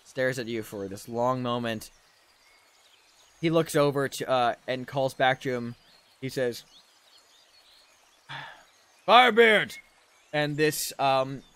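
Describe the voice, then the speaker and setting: Rambling man running a tabletop game. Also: medium pitch. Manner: loose, rambling narration with many fillers. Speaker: dungeon master.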